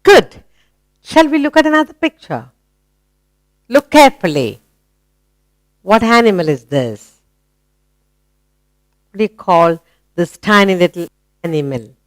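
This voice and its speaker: A woman teaching a children's phonics lesson, asking slow, patient questions and praising the answers. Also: medium pitch, dry recording.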